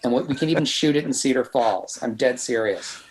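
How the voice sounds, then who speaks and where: A man talking as a guest in a casual podcast interview, telling quick, lively anecdotes about making films. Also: mid-range voice, slight background noise, poor audio. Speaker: guest screenwriter and director. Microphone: podcast microphone.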